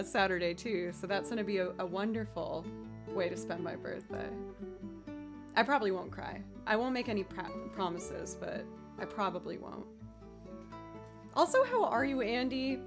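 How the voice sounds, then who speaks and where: Chatty woman streamer, slightly scratchy voice. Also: fairly high pitch. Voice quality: a little scratchy. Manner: chatty, upbeat, laughs often, thanks viewers by name. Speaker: livestream musician. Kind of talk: casual livestream chat with viewers.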